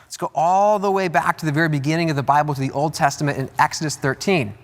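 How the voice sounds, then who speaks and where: A man preaching a sermon as pastor, emphatic and animated, repeating key words and jumping up in pitch to stress them. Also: fast. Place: large church auditorium. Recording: long hall reverb with faint music.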